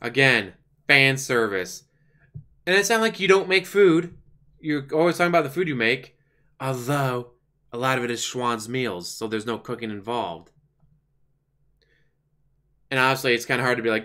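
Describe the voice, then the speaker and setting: Sarcastic bright-voiced man commentator. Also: mid-range voice, expressive, normal speed, pauses often. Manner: sarcastic, mocking. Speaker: streamer commentator. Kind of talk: casual commentary.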